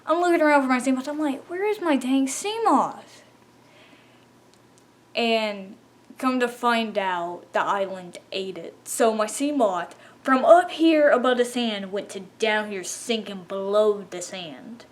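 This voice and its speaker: A woman telling a casual, animated story about her game mishaps, laughing often and acting out her own exclamations. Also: mid-range voice, a little slow. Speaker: gaming storyteller.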